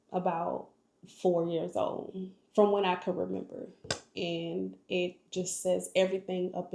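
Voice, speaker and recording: A young woman shares her life story on a vlog, earnest and full of faith. Her voice is gravelly and mellow, and her delivery is slow. She sounds like she is in a room with a lot of echo. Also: on the low side. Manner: earnest, emotional, faith-filled testimony. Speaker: vlogger. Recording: echoey room.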